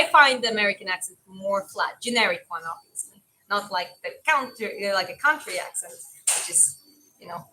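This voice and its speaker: This stream host, a young woman who also coaches boxing, has a mid-range voice and a mild Eastern European accent. With background noise audible, she talks casually and responds to what her viewers comment.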